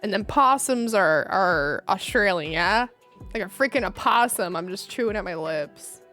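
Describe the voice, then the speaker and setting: Faint music plays behind a woman streamer who chats while she plays a game, chatty, giggly, and self-deprecating. She speaks at normal speed in an expressive, mid-range voice that sounds pushed and bright.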